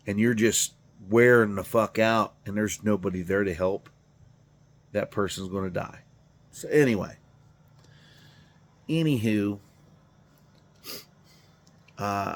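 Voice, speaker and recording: A tired middle-aged man talking in a casual, rambling monologue, swearing freely and joking at his own expense. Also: fairly low pitch. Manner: profane, rambling, self-deprecating. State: tired, yawning. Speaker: garage channel host.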